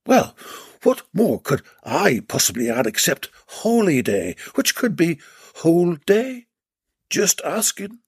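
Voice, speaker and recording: A man's voice: a little high, very animated, measured pace, slightly rough, no room sound. A man hosting a comic podcast, reading out listener posts and reviews with cheeky, mock-dramatic asides. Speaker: podcast host.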